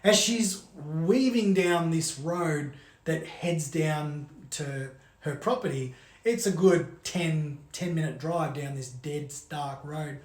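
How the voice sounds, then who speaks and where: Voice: mid-range voice, a little mellow. A storyteller telling a scary story in a casual, chatty way, with "like" as a filler. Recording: roomy echo.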